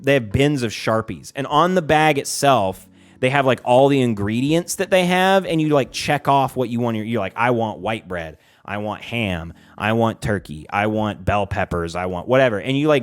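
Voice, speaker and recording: Rambling, profane male streamer. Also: medium pitch. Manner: rambling and profane, heavy use of "like". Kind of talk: casual livestream chat.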